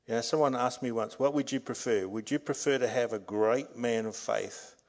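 Guy preaching at church, mid-pitched voice, earnest, gets loud n emphatic. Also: moderate pace. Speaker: pastor. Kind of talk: sermon. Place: church service. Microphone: microphone.

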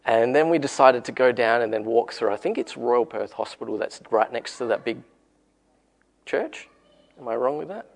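A man with an Australian accent preaching a relaxed, encouraging sermon and telling a story in a conversational way. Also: mid-range voice, normal speed, vocal fry.

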